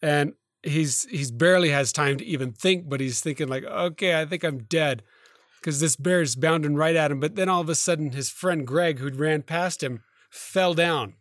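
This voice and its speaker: A man co-hosting a podcast, retelling a story in a rambling, halting way full of fillers and self-corrections. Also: a little high, fairly bright tone, no room sound, clean studio sound. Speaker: podcast co-host. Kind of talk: casual storytelling chat.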